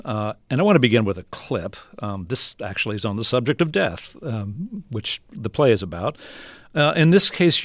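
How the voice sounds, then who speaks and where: A man hosting a radio interview, introducing clips in a measured way with small hesitations. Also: on the low side, dry recording. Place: radio studio.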